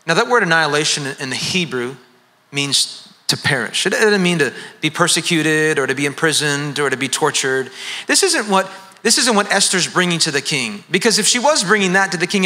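A man's voice: fairly high pitch, animated, brisk, pushed and bright, big-room sound. A man preaching a sermon as pastor, earnest and often repeating words as he presses a point.

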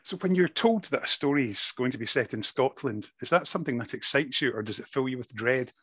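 A man's voice: medium pitch, expressive, fairly quick, pushed and bright, husky, dry recording. A man interviewing a director, asking questions and adding friendly, chatty asides.

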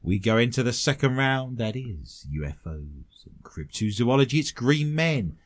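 Lively, theatrical male host. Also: mid-range voice. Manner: theatrical, drawn-out dramatic delivery. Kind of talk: comedic podcast hosting.

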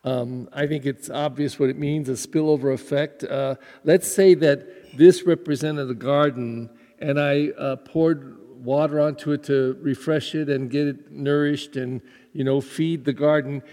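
Priest with a soft voice in a reverberant hall. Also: male voice, on the high side, fairly even intonation, unhurried, hardly any pauses. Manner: conversational, with fillers and repeated words. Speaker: pastor. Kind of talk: podcast homily.

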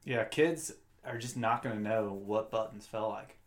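A man's voice: lowish voice, a little slow. A man co-hosting a casual podcast, easygoing and laughing along with dry remarks. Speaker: podcast co-host.

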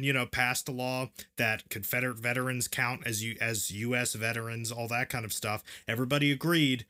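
A man's voice: mid-range voice, sharp tone. A man co-hosting a podcast, earnestly explaining history in long, flowing runs. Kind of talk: explanatory conversation.

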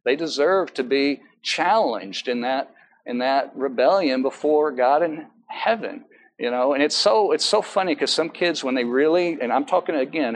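A pastor with a fairly high voice preaches a sermon in a church sanctuary. He talks conversationally, full of asides and corrections of himself. The audio quality is poor.

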